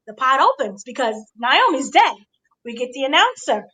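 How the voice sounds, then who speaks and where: A woman with a notably high voice tells the story of a match like juicy gossip. Her tone is bright and keen, and she drops into dramatic little voices and gasps whenever she quotes someone. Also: sing-song, moderate pace, slightly rough, low-quality recording. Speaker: entertainment editor recapping wrestling. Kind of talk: animated recap chat.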